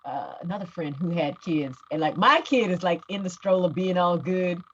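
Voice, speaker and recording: A woman's voice: lowish voice, normal speed, highs cut off, slight background noise. A woman chatting casually as a co-host, laughing often and chiming in with short replies. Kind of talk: casual chat.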